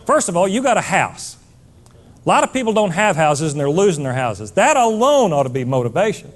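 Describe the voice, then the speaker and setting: A man's voice: sits high, big pitch swings, moderate pace. A man giving a blunt, fired-up motivational keynote to a live audience, scolding and hammering points with repetition.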